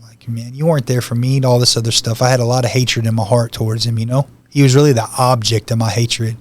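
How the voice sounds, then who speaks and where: Man, podcast guest, personal testimony, earnest, heartfelt, conversational, "you know" asides, average pitch. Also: little pitch movement, fast. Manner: emotional, heartfelt retelling.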